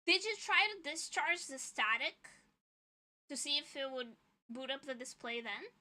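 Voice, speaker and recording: A young adult woman streamer telling a story as an animated, indignant rant, swearing freely and repeating lines for emphasis. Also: sits high, a little slow. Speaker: vtuber streamer.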